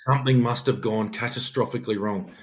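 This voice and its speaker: A man's voice: medium pitch, fairly even intonation, quick pace, slight background noise. A middle-aged Australian police detective sergeant telling an emphatic, earnest story on a podcast, often acting out his own words.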